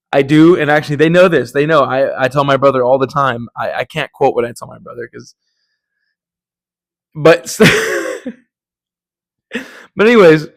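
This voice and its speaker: In a clean, dry studio recording, a young male podcast host with a mid-range voice talks on his own in a casual way. He rambles and jokes, often restarting sentences and leaning on filler words.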